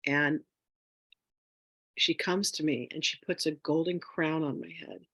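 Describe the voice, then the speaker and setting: A woman telling a personal story in a casual, animated way as a spiritual wealth teacher, with lots of fillers. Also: low voice, unhurried, no echo. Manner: animated, chatty, with frequent fillers; emotional, near tears.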